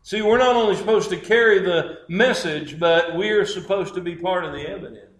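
A man's voice: sits high, moderate pace. A man preaching a sermon, telling stories dramatically and acting out the people in them. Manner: dramatic storytelling, voicing characters in quotes. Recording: roomy echo.

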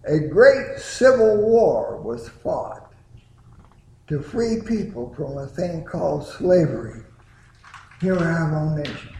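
A male preacher delivers his sermon at an unhurried, deliberate pace. His voice sits slightly high and swells to emphatic peaks between long pauses. The sound carries the ring of an echoey room. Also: sing-song, creaky, warm tone. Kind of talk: sermon with sung hymn opening.

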